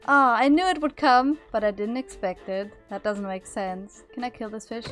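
A woman's voice: fairly high pitch, moderate pace, few pauses, fairly bright tone, soft background music. A woman narrating her game playthrough in a playful way, easily startled and chatting to the creatures on screen. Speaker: gaming video creator.

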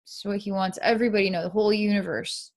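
Soft-spoken woman psychic, sighing often. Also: mid-range voice, steady tone, fast talker. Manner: soft, sighing, repetitive, dreamy narration of visions. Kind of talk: live energy-healing session with a client.

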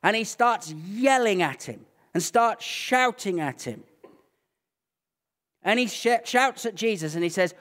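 A man with an English accent preaching a sermon, telling Bible stories with animated, acted-out energy. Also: high voice, unhurried. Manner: animated storytelling, acting out scenes. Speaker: pastor.

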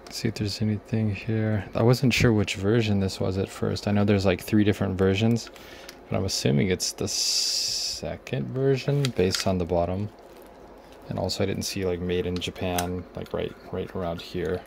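A deep male voice with vocal fry and fairly even intonation, recorded with a little hiss or hum. He's a repair video host casually narrating a guitar pedal fix at his workbench, thinking aloud through testing and troubleshooting. The pace is relaxed, his words trailing away while his hands are busy.

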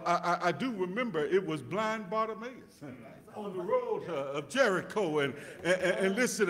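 A male pastor preaching a sermon, restarting words in stammering repeats and rising to shouts as he calls out to his congregation. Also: sits high. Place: church sanctuary. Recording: long reverb of a church hall.

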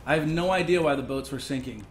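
A young man giving live gameplay commentary as a streamer, excitable, breaking into yells and laughs. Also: on the high side, fast, a little hiss or hum. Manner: excitable, yelling and laughing in bursts. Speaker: gaming streamer.

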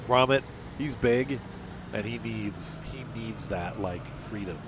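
A man with a lowish voice talking his way through a farming game. He rambles in a loose, chatty way, drifting off topic and piling up fillers. A clear background noise runs under his voice. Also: takes it slowly. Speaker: gaming channel host. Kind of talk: casual gameplay commentary.

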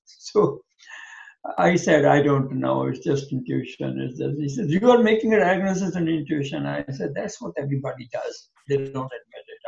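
A man's voice: a little high, creaky, a little mellow. An older man, a physician guest in an interview, telling long stories and acting out both sides of past conversations. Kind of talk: interview storytelling. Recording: dull lo-fi sound.

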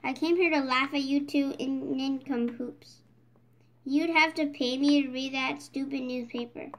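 A grumpy, sneering squid man from a cartoon storybook, voiced by a woman reader. He sounds irritable and scornful. The voice stays high. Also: steady tone, a little slow.

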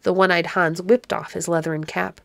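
A woman reading a classic storybook aloud as narrator, measured and expressive. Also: fairly low pitch, vocal fry, no echo.

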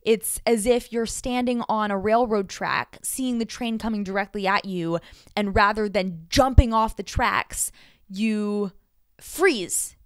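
A woman hosting her own podcast, telling a personal story in an earnest, expressive way, her loudness shifting often. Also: mid-range voice, dry recording, clean studio sound. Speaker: podcast host.

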